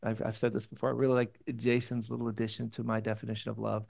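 A man's voice: mid-range voice, monotone, fast, vocal fry, darkish tone. A man, a pastor, gives a conversational sermon in a church meeting room, rambling and casual with sudden emphatic rises.

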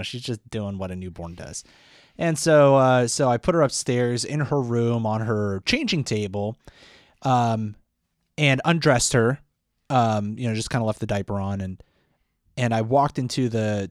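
A young man hosting a podcast, chatting casually with a guest and telling lively stories with a laugh. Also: mid-range voice, no room sound, clean studio sound. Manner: animated when telling stories, laughs often. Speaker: podcast host. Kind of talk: casual conversational interview.

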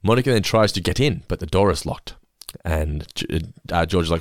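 A man chatting casually about a sitcom episode, animated and laughing often as he acts out the characters' lines. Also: low voice, fairly quick, dry recording, clean studio sound. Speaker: podcast host.

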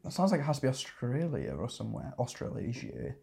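A man's voice: medium pitch, huge pitch swings, creaky, warm tone. Male co-host, casual chat, dry teasing quips, mid-range voice. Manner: teasing, quick wisecracks.

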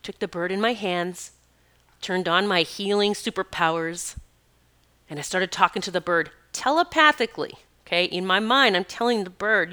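A woman with a bright, ringing voice tells a personal story in a loose, chatty way. She drifts into asides and fills her speech with "you know." Her tone stays clean and crisp. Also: medium pitch, normal speed. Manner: rambling and conversational, with many asides and "you know". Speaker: animal communicator and healer.

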